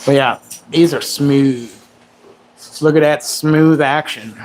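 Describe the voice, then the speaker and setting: A man's voice: a little high, fairly even intonation, moderate pace, long pauses, a little hiss or hum. A man in his forties hosting a livestream. He rambles in casual chat and makes crude, self-mocking jokes. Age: 40s. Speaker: livestream host.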